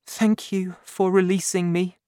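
A man's voice: high voice, flat delivery, a little slow, dark tone, clear, resonant tone, dry recording, pitched above the performer's own voice. A man voicing a sick, desperate young woman in an audiobook, pleading and close to tears. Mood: quiet relief.

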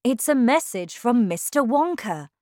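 A woman voicing a calm father who reads out a letter in a storybook reading. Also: fairly high pitch, a little slow, dry recording, studio quality, pitched above the performer's own voice. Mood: earnest.

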